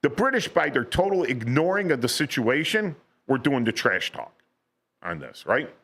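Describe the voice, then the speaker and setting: A man's voice: medium pitch, sing-song, moderate pace, fairly bright tone. Rambling man talking radio history. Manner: rambling, repeats words, asks "right?". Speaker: radio guest. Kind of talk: casual history talk on local radio. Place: radio studio.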